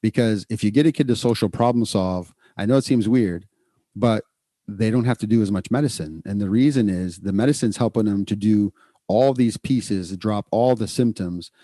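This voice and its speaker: A man hosting a podcast, explaining child behavior training in a casual, animated way and acting out what parents and kids say. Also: on the low side, no echo, studio quality. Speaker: podcast host, clinician.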